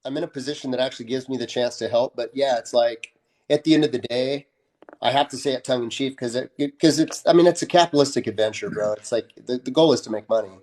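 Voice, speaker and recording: A man's voice: medium pitch, fast, a little mellow. A man who is a guest on a live stream, chatting casually in a laid-back way, often saying "bro" and restarting his sentences. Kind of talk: casual chat.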